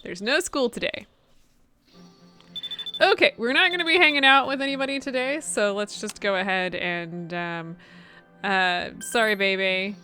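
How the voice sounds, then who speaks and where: Woman let's-play host, bright voice, casual self-correcting chat. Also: medium pitch, moderate pace, faint music behind. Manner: chatty, self-correcting, laughs often. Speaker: gaming channel host.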